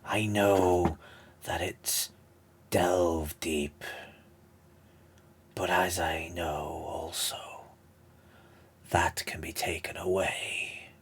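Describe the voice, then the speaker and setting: A man voicing a sinister male tempter spirit in a tabletop game, speaking slowly in a hushed, menacing way. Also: sits low, steady tone, slightly rough, exaggerated voice.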